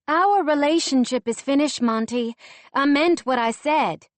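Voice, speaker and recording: Woman reading a firm, brisk young woman. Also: high-pitched, no echo, voice pushed up. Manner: firm, brisk, sometimes pleading.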